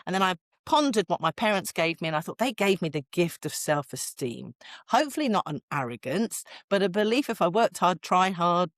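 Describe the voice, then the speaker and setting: This is a British woman in middle age, speaking as a guest parenting expert. Her voice sits on the low side but moves up and down a great deal as she tells stories, and she laughs easily. The sound is dry and close. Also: fairly quick, no echo. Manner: animated, expressive storyteller who laughs often. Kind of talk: podcast interview.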